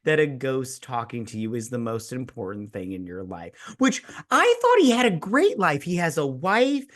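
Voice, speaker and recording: A woman's voice: a bass voice, very animated, moderate pace. A tipsy woman co-hosting a casual movie review chat, rambling and profane with lots of restarts. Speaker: podcast co-host.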